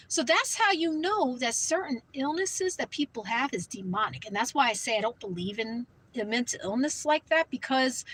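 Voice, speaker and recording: A woman's voice: fairly high pitch, fairly bright tone, slightly rough, poor audio. A woman speaking fervently about faith and spirits, warning listeners with many "you know" fillers. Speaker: Christian vlogger. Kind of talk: earnest religious talk.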